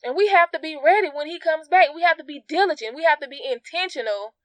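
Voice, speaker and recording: A woman's voice: high voice, fast talker, no echo. A woman giving an informal devotional teaching, speaking earnestly, repeating phrases for emphasis and addressing her listeners directly. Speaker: Bible teacher.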